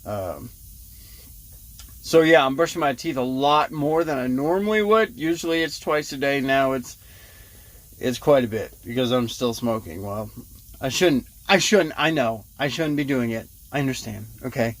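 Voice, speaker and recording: A man's voice: medium pitch, normal speed. A man talking casually to his vlog audience, rambling with lots of fillers and short laughs as he tells a story. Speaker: vlogger.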